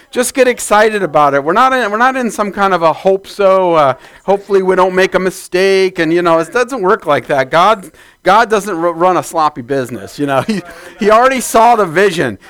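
A man preaching a sermon in church, praying fervently and then teaching more softly, with bursts of shouting. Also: high voice. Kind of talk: sermon with prayer.

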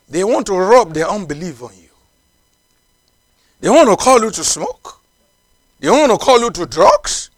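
A man's voice: high-pitched, very animated, measured pace, long pauses, no room sound. A man preaching a sermon in a non-native English, emphatic and repetitive, with frequent exclamations of praise. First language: not English.

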